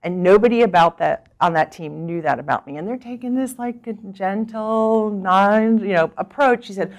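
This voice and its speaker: A woman's voice: mid-range voice, normal speed, few pauses. A middle-aged woman physician giving a talk, telling patient stories and acting out what people said, with frequent restarts. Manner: animated storyteller, acts out quoted people with laughs; thinks aloud with restarts and fillers. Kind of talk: conference talk with storytelling.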